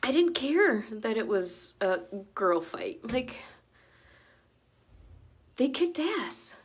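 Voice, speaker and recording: A woman with a somewhat high voice talks in a casual reaction vlog. She is earnest and openly emotional, chatting and laughing as she goes. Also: sing-song, drawn-out words, breathy edge. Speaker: movie reaction vlogger.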